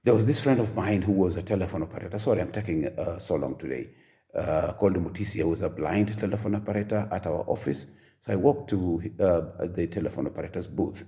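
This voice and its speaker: Gravelly, deep-voiced older Kenyan man. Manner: halting, soft-spoken, full of pauses and fillers. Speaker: storyteller. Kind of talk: personal life story.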